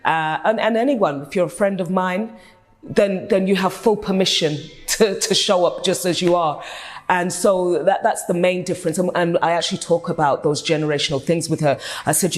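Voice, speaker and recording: A woman's voice: on the low side, moderate pace, darkish tone. A woman, a therapist being interviewed, speaking in a thoughtful and earnest way with frequent restarts. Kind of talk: reflective interview talk.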